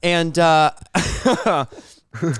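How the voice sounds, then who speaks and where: A man's voice: a little high, very slow, a bit bright, clear, resonant tone, dry recording, studio quality. A man co-hosting a podcast, arguing a playful mock debate in a mock-serious tone, stumbling over repeated words and laughing at his own jokes. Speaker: podcast co-host.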